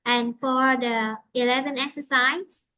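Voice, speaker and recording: Slow-talking high-voiced woman teacher. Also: steady tone, pushed and bright, poor audio. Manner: slow, patient explaining with fillers. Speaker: English teacher. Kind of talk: online English lesson.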